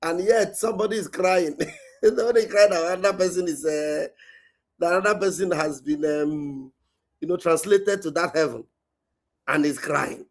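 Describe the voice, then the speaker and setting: A man hosts a call-in talk show in a slightly higher register. He chats casually and laughs often between his points. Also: normal speed. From Nigeria. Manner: laughs often, short backchannel hums. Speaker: host.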